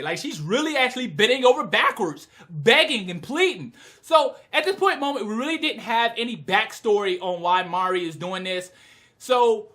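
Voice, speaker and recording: A young woman giving a casual, slangy video review, animated and quick to break into shouts as she retells scenes. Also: fairly high pitch. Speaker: manga reviewer.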